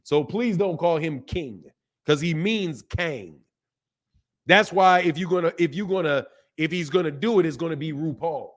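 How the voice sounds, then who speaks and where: Speaking on the high side at a moderate pace, this man hosts a live boxing stream, talking animatedly and calling out names from the chat as he goes.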